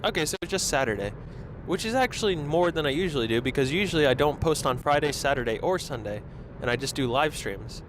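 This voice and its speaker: A man's voice: on the high side, expressive, fast talker. A young man hosting a podcast from his car on a lapel mic, chatting in a rambling, self-conscious way. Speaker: podcast host. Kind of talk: casual solo chat while driving. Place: in a car in traffic. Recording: faint road noise.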